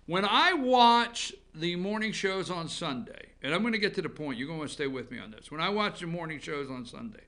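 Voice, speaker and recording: A man hosting a political opinion show, ranting with heavy repetition. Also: high-pitched. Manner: animated, ranting, repeats himself. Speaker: talk show host.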